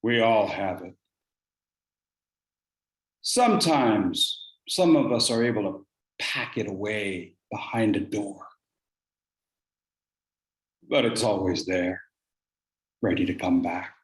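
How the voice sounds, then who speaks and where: A speech contest speaker telling a dramatic personal story, acting out scenes and swinging between hushed lines and shouts. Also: low voice, slow pace, pauses often. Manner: animated, acts out scenes, shifts from hushed to shouting. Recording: roomy echo.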